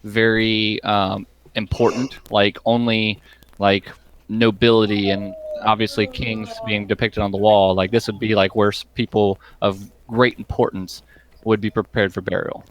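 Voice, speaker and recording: A man narrating a tabletop game as game master, pausing often with ums and likes. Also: fairly low pitch, flat delivery, lo-fi sound. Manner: hesitant, many ums and likes.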